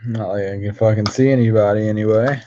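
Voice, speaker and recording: A man's voice: fairly low pitch, fairly even intonation, quick pace, lo-fi sound, very noisy. A man on a casual livestream, rambling and ranting with constant profanity at his viewers. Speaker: streamer.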